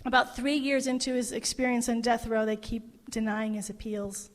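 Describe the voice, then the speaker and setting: A woman's voice: on the high side, flat delivery, moderate pace. Woman minister preaching in a reverberant hall. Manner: emotive, retelling a story with quoted voices. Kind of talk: sermon with storytelling. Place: parish hall.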